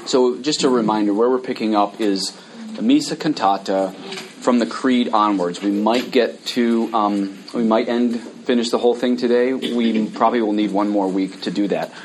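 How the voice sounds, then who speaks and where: A low-pitched man teaches a room of students in a relaxed, conversational way. He recites long prayers and then stops to explain what he does at each point. A faint hiss sits under the recording. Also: moderate pace, poor audio. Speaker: priest teaching a class on the Latin mass. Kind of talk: casual classroom teaching.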